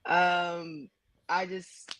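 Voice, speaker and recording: A woman's voice: fairly low pitch, level tone, drawn-out words, a bit bright, dry recording, rough recording. A woman from Wisconsin, a guest on a sports talk show, chatting casually with lots of hesitant fillers. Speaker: guest contributor.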